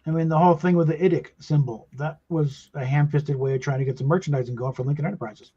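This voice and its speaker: Husky, halting man on a lo-fi line. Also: on the high side, dark tone. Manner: rambling, halting, lots of "mm-hmm". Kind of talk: casual stream chat.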